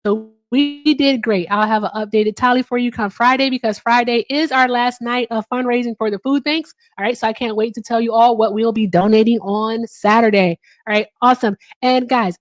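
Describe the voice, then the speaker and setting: A woman's voice: on the high side, brisk, hardly any pauses, no echo. An upbeat woman hosts a livestream and talks casually to her viewers. She keeps tossing in "all right" and swears without a second thought. Her voice is dry and close on a streaming mic. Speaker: livestream host.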